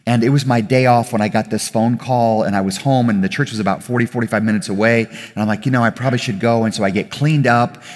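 A male pastor preaching a conversational sermon to a congregation, getting louder and more emphatic as he makes his points. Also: mid-range voice, steady tone, fast, few pauses. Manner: conversational preaching, rising with emphasis, self-corrections. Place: church hall with audience. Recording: reverberant hall.

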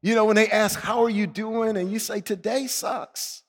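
A man delivers a sermon in a high voice, swinging from fervent shouting to soft, reflective passages. His words ring out with a long reverberation, as though in a large hall. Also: little pitch movement, a little fast. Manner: passionate, swings between shouting and quiet reflection. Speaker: preacher.

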